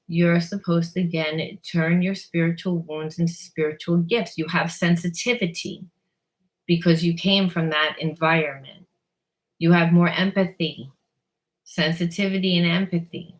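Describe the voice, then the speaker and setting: A woman giving a spiritual card reading, rambling and blunt, often repeating herself and swearing casually. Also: deep voice. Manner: rambling, repeats words and restarts. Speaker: psychic reader.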